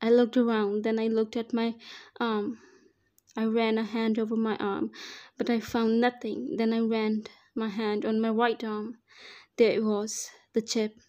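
Woman narrator, fan fiction audiobook, slow even reading, higher voice, mellow tone. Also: lo-fi sound.

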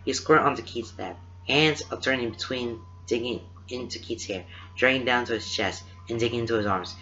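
A man narrating a fan story aloud at a steady, unhurried pace, recorded in dull lo-fi sound. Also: mid-range voice, soft background music. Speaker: fan fiction reader.

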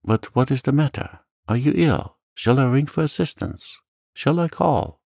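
A man voicing an earnest, frightened young sailor in a calm audiobook reading, pleading as he talks. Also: fairly low pitch, normal speed, no room sound, studio quality, pitched above the performer's own voice. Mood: earnest, anxious.

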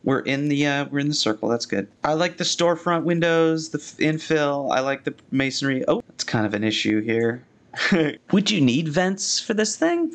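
A young man talks through a live gameplay session in an easy, conversational way, pointing out details of the buildings around him. His voice sits at an ordinary middle pitch, and he breaks into excited yelps when something surprises him. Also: normal speed. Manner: chatty and excitable, with frequent restarts and sudden high exclamations. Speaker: architecture critic playing a video game.

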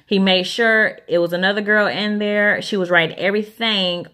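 A woman's voice: mid-range voice, fairly even intonation, moderate pace, sharp tone. A woman, chatting casually to camera as a vlogger, rambling with lots of ums.

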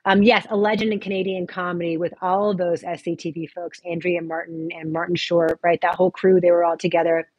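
Husky woman chatting on a livestream. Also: lowish voice, little pitch movement, a little fast, hardly any pauses, darkish tone, dry recording, lo-fi sound. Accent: light Texan. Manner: chatty, answers viewer questions aloud, many restarts. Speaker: movie review host. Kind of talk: casual livestream chat reading viewer comments. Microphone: phone on a tripod.

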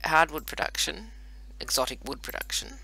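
A woman's voice: sits low, lively intonation, moderate pace, vocal fry, sharp tone, husky, low-quality recording. A woman hosting casual gameplay commentary, rambling and chatty with self-mocking asides, recorded on a computer microphone. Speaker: host playing a browser strategy game.

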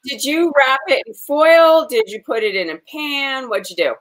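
Woman co-host with quick friendly asides. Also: high voice, animated, a bit bright, low-quality recording. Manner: encouraging interjections, quick asides. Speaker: cooking show co-host. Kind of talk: casual cooking chat. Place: home kitchen.

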